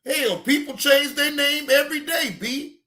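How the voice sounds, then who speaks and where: A man with a very high, bright voice rants slowly and angrily, swearing and often breaking into shouts. He sounds like a reaction channel host venting his commentary. The recording is echoey and roomy. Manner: heated, profane, often shouting. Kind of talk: ranting commentary.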